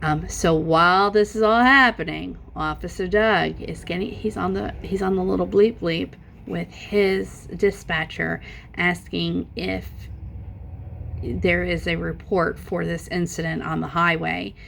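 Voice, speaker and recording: A middle-aged woman telling a long, profane story in a casual, animated way, her voice jumping up when she stresses a point. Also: fairly low pitch, unhurried, vocal fry, slight background noise. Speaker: vlogger.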